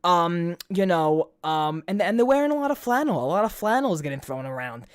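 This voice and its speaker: A man's voice: high-pitched, sing-song, brisk, clean tone, dry recording. Young male podcast host, New York accent, stammering, crude, dry close sound. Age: young adult. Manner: crude, rambling, stammering repeats. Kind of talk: casual chat.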